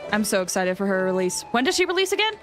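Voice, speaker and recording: A woman's voice: medium pitch, big pitch swings, fast, fairly bright tone. A woman streamer giving casual, chatty commentary while playing, gushing and laughing often. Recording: game music under the voice.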